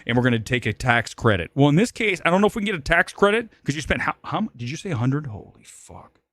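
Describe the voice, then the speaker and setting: A man hosting a live-stream movie show, ranting animatedly with swearing and sudden loud, high-pitched outbursts. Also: big pitch swings, quick pace, no echo. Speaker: film critic and show host.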